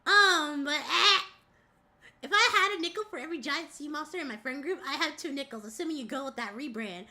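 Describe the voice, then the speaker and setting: A woman's voice: sits high, brisk, pushed and bright. A woman from the Southern United States, a VTuber streamer chatting casually in a slightly nasal, rambling, laugh-prone way. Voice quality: a little nasal. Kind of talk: casual chat.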